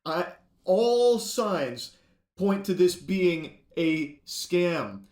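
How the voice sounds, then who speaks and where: A man's voice: sits high, sing-song, very slow, a little mellow, echoey room. A man giving video commentary, indignant and sarcastic, firing off pointed questions. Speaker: YouTube commentator.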